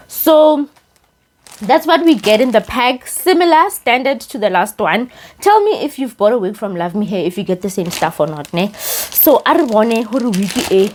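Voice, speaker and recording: A young South African woman chatting casually as she reviews a wig, excitable and expressive, switching languages mid-sentence. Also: medium pitch. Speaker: beauty YouTuber reviewing a wig. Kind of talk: casual chat.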